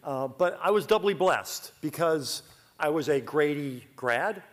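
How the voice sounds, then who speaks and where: A middle-aged man from Georgia, giving a humorous acceptance speech full of lively asides. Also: a little high, measured pace. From Athens, Georgia, US. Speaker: award honoree giving a speech.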